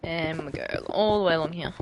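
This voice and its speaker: Woman, rambling, self-deprecating, casual gameplay commentary, fairly low voice, trails off into mumbles. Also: brisk, muffled recording, noisy background. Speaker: gaming creator.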